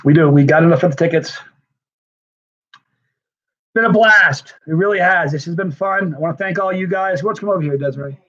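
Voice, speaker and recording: Man, livestream host, husky, tired, gushing thank-yous, dull lo-fi audio. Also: fairly high pitch, fairly quick, pauses often, fairly bright tone. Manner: effusive, rambling thank-yous to viewers. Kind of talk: casual livestream chat.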